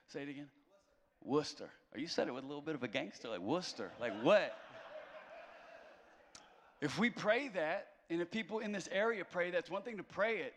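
Pastor preaching in a reverberant hall. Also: male voice, a little high, fairly bright tone. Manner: conversational, self-deprecating humor. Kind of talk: sermon.

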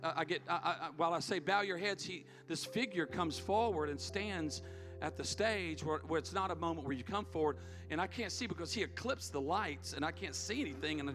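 Speaking fairly quickly in a slightly high voice, a middle-aged pastor recounts a story during a heartfelt sermon and hammers key words through repetition. Faint music plays behind him, and the sound rings with long hall reverb.

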